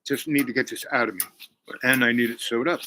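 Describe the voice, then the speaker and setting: Cold, ruthless armed woman, voiced by a man retelling a film; flat threats, very bright, edgy tone. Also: mid-range voice, a little fast, lightly acted, low-quality recording. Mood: cold menace.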